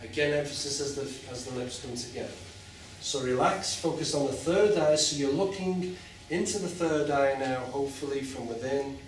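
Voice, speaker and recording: A man leading a group through a guided chakra meditation with slow, soothing instructions and long chanted tones, in a large room with an audience. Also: mid-range voice, slight background noise. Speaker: meditation teacher. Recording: echoey hall from far off.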